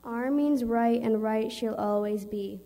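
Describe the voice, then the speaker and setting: A woman slowly reciting a poem in turns at a church service, in a reverberant hall. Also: on the high side, dark tone.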